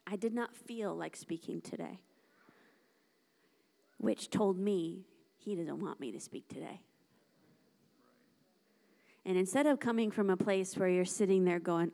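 A woman preaching a lively, conversational sermon to a church congregation, acting out little dialogues as she talks. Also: mid-range voice, a little slow, vocal fry, pauses often. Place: church service.

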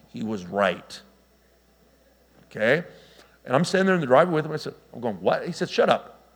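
A middle-aged man preaching a sermon, telling stories with lively asides to the congregation. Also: mid-range voice. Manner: animated storytelling with asides to the congregation. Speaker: pastor.

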